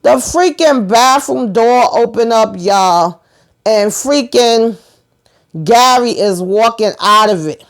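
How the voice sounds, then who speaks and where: A woman hosting her own channel, giving a casual, animated recap of a TV episode in slangy talk aimed straight at her viewers. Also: a little high, takes it slowly.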